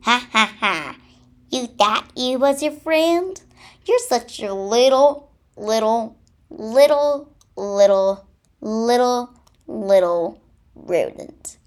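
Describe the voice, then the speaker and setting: A woman voicing a gleeful, mocking male badger in a storybook reading, jeering loudly. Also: fairly high pitch, animated, slow pace. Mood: taunting. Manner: jeering, loud, laughing.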